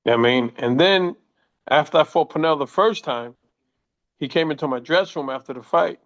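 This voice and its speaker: A man in his sixties who once boxed tells stories in a relaxed interview, cursing freely and acting out other people's lines. His voice sits a little high. The audio is dull and lo-fi. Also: brisk. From United States. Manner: profane, animated anecdotes with quoted voices. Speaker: former boxer, interview guest. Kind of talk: casual storytelling interview. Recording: muffled lo-fi audio.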